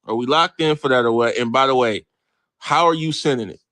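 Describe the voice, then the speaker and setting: A man's voice: mid-range voice, a little fast, a bit bright, dry recording. A brash man hosts a late-night sports stream and fires back at his chat, swearing freely. His voice sits mid-range for a man. The sound is dry and close, with little room in it. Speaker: livestream host. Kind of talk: casual profane sports talk to live chat.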